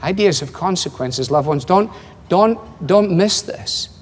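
A 70-something Scottish pastor preaches with dry, conversational humor, dramatizing the quotes he cites. His voice sits high and is husky, expressive and unhurried. The recording has a long reverb like a hall.

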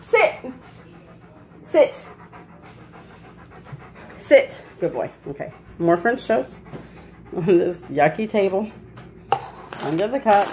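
A woman's voice: on the low side, animated, unhurried, long pauses, warm tone, a little hiss or hum. A woman at home playfully giving her dog commands and encouragement during a game. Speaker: dog owner and channel host. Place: at home, at a table.

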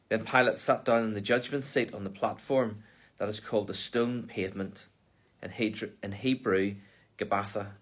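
A minister reading a Bible passage aloud for Lent, then explaining it in plain, conversational talk. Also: male voice, fairly low pitch, fairly bright tone.

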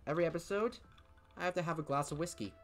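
A young man hosting a let's play, commenting on a game in an excitable, crude, joking way. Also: on the high side, quick pace, soft background music. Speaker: gaming host.

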